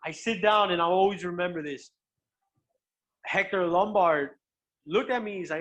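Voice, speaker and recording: A young man with a notably high-pitched voice, talking as a guest fighter in loose, animated conversation. He swears freely and trips over his own restarts as he tells his stories. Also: moderate pace, long pauses. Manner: profane, animated, stumbling restarts. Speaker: guest, pro MMA fighter. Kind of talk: casual chat, storytelling.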